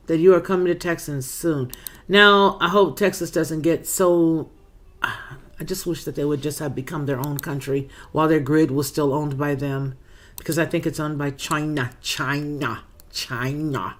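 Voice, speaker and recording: A chatty woman hosts a laid-back livestream, reading out viewer comments one by one. Her greetings swoop up with animated warmth, and she calls viewers girl, baby and boo-boo. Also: sits low. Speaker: livestream host.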